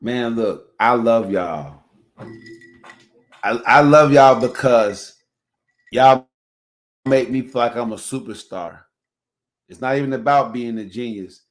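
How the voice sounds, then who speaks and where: A man hosting a relationship podcast in casual chat, emphatic and swinging from soft, emotional talk to loud hype calls. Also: medium pitch, slow pace, pauses often. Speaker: podcast host.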